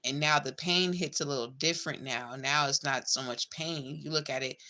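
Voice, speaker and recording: A woman's voice: low-pitched, moderate pace, bright, forceful tone. A woman giving a casual tarot reading, chatty and blunt, swearing freely and calling the listener babe and girl. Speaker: tarot reader.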